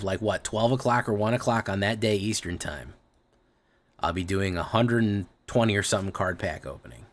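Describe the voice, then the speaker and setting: A man's voice: fairly low pitch, normal speed. A man streaming live, chatting casually with viewers, rambling and swearing freely.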